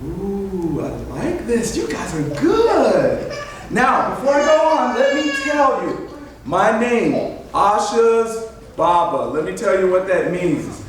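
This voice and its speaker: A male storyteller with a strikingly high, swooping voice leads a room of children in call-and-response. He is caught from a distance, so the room's heavy echo rings around every line, with a faint hum underneath. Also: slow pace. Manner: animated call-and-response, coaxing the audience. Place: library event room. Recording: echoey room picked up from afar.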